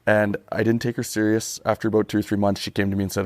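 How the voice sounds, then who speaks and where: A man from Saskatchewan, a podcast guest telling a comic story in an animated, self-deprecating way. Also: lowish voice, fast, dry recording. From Canada (Saskatchewan).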